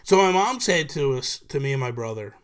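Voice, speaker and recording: A man's voice: mid-range voice, big pitch swings, brisk, clean tone. A man, a podcast guest, telling a long childhood story in casual chat, acting out the quoted lines and using many fillers.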